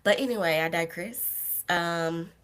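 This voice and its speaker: A young woman with a low, deep-set voice hosts a casual solo livestream. She rambles from tangent to tangent with self-deprecating humor and laughs often. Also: a little slow, a bit bright, smooth. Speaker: podcast host.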